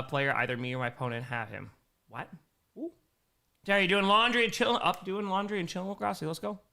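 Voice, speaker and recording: A young man with an Upper Midwest American accent, hosting a live football stream from home, calling plays and reading chat comments. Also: on the high side. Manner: energetic, calls plays and reads chat comments. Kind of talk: live play-by-play and chat reactions. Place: home room.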